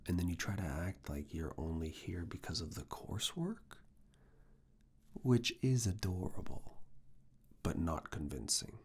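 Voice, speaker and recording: Whispered role-play, low gravelly breathy voice, slow teasing professor giving orders up close. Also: animated. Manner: slow, coaxing, quietly commanding. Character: teasing university professor giving private review. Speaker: ASMR roleplay creator.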